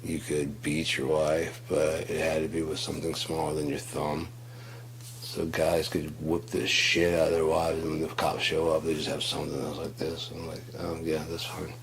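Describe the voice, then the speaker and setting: A man with a very low voice rambles through a profane, storytelling rant. He talks casually and slips into acted quotes. His voice is deep and gruff. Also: completely flat delivery, normal speed, a little hiss or hum. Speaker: host.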